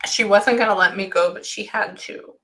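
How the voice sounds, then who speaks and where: A woman giving a casual reading as a psychic medium, halting often to listen and sometimes dropping into soft near-whispers. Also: mid-range voice, fairly even intonation. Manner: halting, keeps breaking off to listen. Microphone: recorded session.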